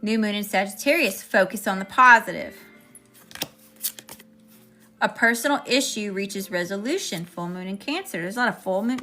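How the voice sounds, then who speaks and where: A woman's voice: mid-range voice, moderate pace, pauses often, bright, forceful tone, soft background music. A woman doing a live-stream tarot reading, chatting with viewers between cards. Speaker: tarot reader.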